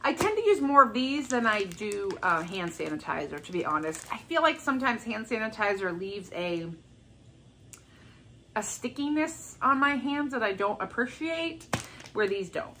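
A woman's voice: mid-range voice, very animated, normal speed, sharp tone, a little hiss or hum. A woman chatting casually at home about her shopping haul, rambling and upbeat. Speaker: haul vlogger. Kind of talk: casual chat. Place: home with a bay window.

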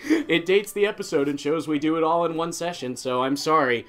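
A man's voice: on the high side, a little fast, a bit bright. A young man co-hosting a let's play, laughing often and teasing his friend in casual chat.

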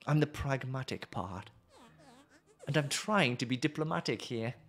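A man reading the lines of a sinister female dark reflection in a low, hushed, condescending tone. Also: lively intonation, measured pace. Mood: cold, scornful.

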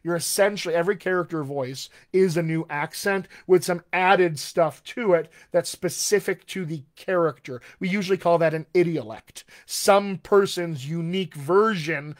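A man's voice: a little high, normal speed, hardly any pauses. An American man working as a dialect coach, answering viewer questions in a live online session and demonstrating sounds as he explains. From United States.

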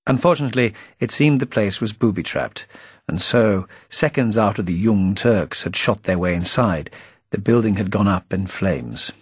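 Un uomo dalla voce bassa e un po' roca legge il proprio romanzo come audiolibro, con tono asciutto e ironico. La registrazione è ravvicinata e senza eco. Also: male voice, animated, moderate pace, husky, no room sound, studio quality. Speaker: author reading his novel. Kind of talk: audiobook narration.

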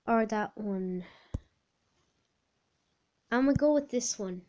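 A woman vlogging in a casual chat while doing online quizzes, thinking aloud with lots of fillers and sudden excited outbursts. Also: fairly high pitch, takes it slowly, muffled recording. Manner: chatty, thinks aloud with many fillers, bursts into squealing outbursts.

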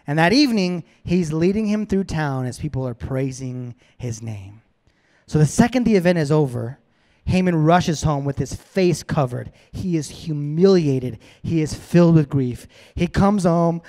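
High-voiced pastor telling a story. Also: male voice, moderate pace. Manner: casual, animated storytelling. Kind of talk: sermon.

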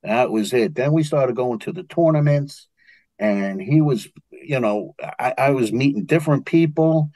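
At medium pitch and a somewhat slow pace, an older man with a New York accent shares martial arts stories as a guest in a storytelling interview. He acts out quotes with animation, and there's no room sound.

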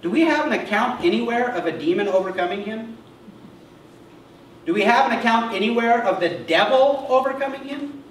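A man with a high voice preaches to his congregation, talking plainly and checking in with a quick "okay?". He sounds set back from the mic, and the church rings with a strong echo under a faint hiss. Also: lively intonation. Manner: conversational preaching, often checks in with a short "okay?". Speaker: pastor. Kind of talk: sermon. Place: church sanctuary. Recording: echoey church sound heard from a distance with faint noise.

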